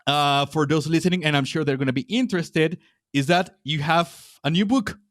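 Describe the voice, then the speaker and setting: Latino guy hosting a podcast chat, halting, lots of restarts, dry close mic. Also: on the high side, no echo. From Latin America. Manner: hesitant, many restarts and fillers. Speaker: podcast host. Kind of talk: casual interview chat.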